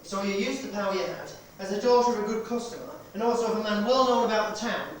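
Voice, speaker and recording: A man's voice: high voice, lively intonation, quick pace, far from the mic. A man playing a stern, probing police inspector. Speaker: amateur stage actor. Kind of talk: stage play rehearsal. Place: rehearsal hall. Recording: echoey hall recorded from afar, noisy.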